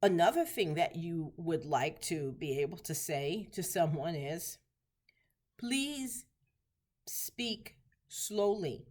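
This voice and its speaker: Slow, lively woman teaching Spanish. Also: low voice. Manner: repeats phrases slowly for practice. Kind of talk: slow instructional lesson.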